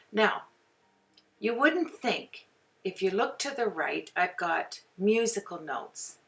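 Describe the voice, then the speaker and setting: Gravelly, chatty Canadian woman crafter. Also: fairly low pitch, a bit bright, distant mic. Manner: chatty, rambling, goes off on tangents. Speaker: card-making tutorial host. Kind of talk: casual craft demonstration. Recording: voice from away from the mic.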